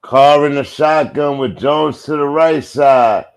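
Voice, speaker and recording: A man calling a football game live for his viewers in a casual, slangy way. His voice sits a little high, and he talks at an unhurried pace. He keeps bursting into loud, excited exclamations on the big plays. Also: clean tone. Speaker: live play-by-play host. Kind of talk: casual live play-by-play commentary.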